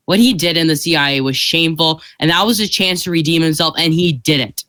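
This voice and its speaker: A man plays a senator in a role-played parliamentary debate, his voice pitched on the high side and recorded dry with no room sound. He argues his point, stumbling over words and breaking into laughter now and then. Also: brisk, pushed and bright, dry recording, low-quality recording. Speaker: senator in a mock senate session.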